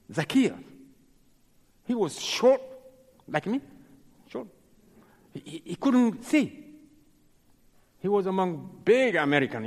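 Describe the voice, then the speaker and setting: Long hall reverb follows a male preacher whose husky, lively voice runs high-pitched. In sermon storytelling he dramatically acts out the people involved, halting often and repeating words.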